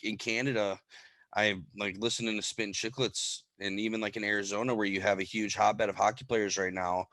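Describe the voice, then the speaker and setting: A man's voice: fairly low pitch, a bit bright, dry recording. A young man with a Wisconsin accent co-hosting a podcast and chatting casually, speaking in loose, easygoing sentences. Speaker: podcast co-host. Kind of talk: casual interview chat.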